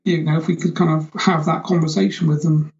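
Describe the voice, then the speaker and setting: Gravelly man on a dull remote line. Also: on the high side, level tone, a little mellow. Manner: measured, explanatory, hedging phrases. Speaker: guest, psychic surgeon. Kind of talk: interview answers.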